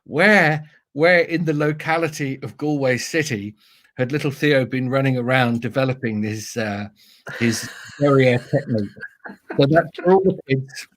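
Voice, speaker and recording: A British man, a storyteller, telling funny anecdotes in a playful, animated way during a casual interview. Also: medium pitch, normal speed. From Britain. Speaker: storyteller guest.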